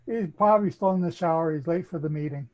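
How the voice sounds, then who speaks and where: A man's voice: fairly high pitch, quick pace, highs cut off. A man with a Canadian accent, methodically explaining a bible chronology as a guest speaker. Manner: methodical, lecturing.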